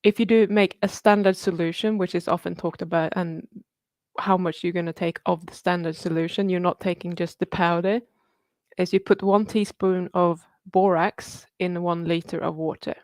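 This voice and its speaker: A woman's voice: lowish voice, steady tone, moderate pace, a little mellow, no room sound, clean studio sound. A woman in her thirties hosting a casual live Q&A, chatty and upbeat, laughing often and swearing casually. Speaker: livestream host answering viewer questions.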